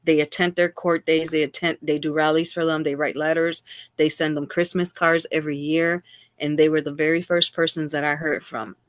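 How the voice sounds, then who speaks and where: Woman, middle-aged, interview guest, lowish voice, dry close sound, lively storyteller who acts out quotes. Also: normal speed, no echo. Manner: animated, acts out quoted exchanges.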